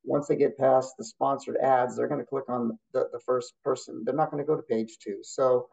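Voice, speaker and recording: A man's voice: mid-range voice, level tone, normal speed, vocal fry, a little mellow, slightly rough, low-quality recording. A man, a therapist guest, talking bluntly and telling stories in a casual interview. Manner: blunt, storytelling, competitive.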